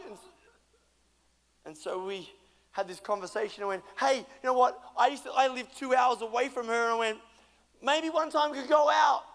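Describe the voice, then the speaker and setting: High-voiced man preaching in a hall. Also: fairly bright tone, smooth. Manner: playful, laughing, acts out quoted voices. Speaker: guest speaker. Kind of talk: youth sermon with storytelling. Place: large church hall. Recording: echoey hall with long reverb.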